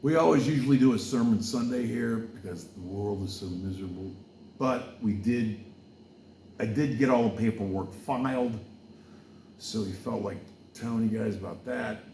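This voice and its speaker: A low, gravelly man from Wales holds forth at a slow, unhurried pace. He wanders from point to point with fillers and side remarks, drifting into preaching as he goes. The room around him is echoey. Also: dark tone, slight background noise. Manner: loose and digressive, with many fillers and asides. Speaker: podcast host. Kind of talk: rambling casual monologue with preaching.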